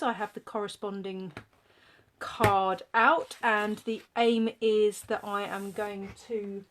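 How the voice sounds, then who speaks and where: A woman's voice: medium pitch, a bit bright. A woman demonstrating papercraft in a live-streamed tutorial, chatting and thinking aloud as she works and greeting viewers by name.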